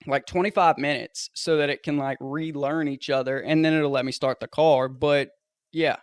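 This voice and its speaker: Man, podcast co-host, smooth clear voice, slightly higher pitch, plain explainer. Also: fairly even intonation, moderate pace, no room sound, clean studio sound. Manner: matter-of-fact, explains things plainly, swears casually. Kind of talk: casual chat.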